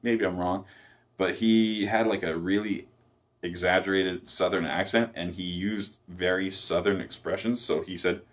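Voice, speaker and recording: A man with a notably low, deep voice talks through a wrestling episode as a casual solo review. He rambles, stacks up fillers and corrects himself mid-sentence. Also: fairly even intonation, a little slow.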